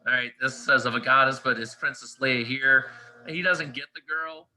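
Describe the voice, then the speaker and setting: A man's voice: medium pitch, moderate pace, sharp tone, poor audio. A man teaching a class in a casual, conversational lecture, often checking in with "all right" and "right?".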